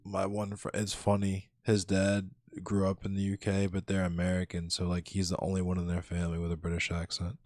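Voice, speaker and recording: Deep-voiced man hosting a casual stream. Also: monotone, brisk, hardly any pauses, a little mellow, no room sound, studio quality. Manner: loose, laughing, swearing. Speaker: streamer host.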